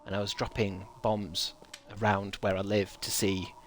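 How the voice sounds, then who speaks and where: A man's voice: fairly low pitch, little pitch movement, moderate pace, a little hiss or hum. An English man chatting casually on a stream, rambling and joking while he reads out viewer messages. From England. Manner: rambling and jokey.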